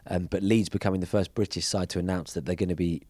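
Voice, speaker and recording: A man's voice: deep voice, steady tone, fast, a little mellow, breathy edge, no room sound, clean studio sound. A man hosting an interview, asking direct questions and laughing along with his guest. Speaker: podcast host. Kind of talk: casual interview chat.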